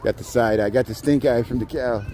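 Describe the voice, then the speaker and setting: A man's voice: mid-range voice, brisk, dark tone, poor audio. A man walking through a zoo farm and chatting to the camera, joking and talking to the animals. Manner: chatty, jokey, talks to the animals. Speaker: vlogger. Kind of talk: casual walking vlog. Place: outdoor farm area at a city zoo. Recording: outdoor street noise. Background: outdoor ambience, birds, passing vehicles.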